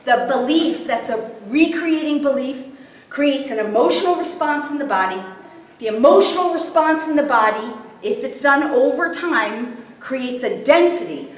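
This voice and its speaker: Speaking at a measured pace, this woman has a high-pitched voice with lively intonation. She is giving a spiritual workshop talk to a live group and often makes sure listeners are keeping up. The sound comes from far off in a very reverberant room, with a faint hiss of noise.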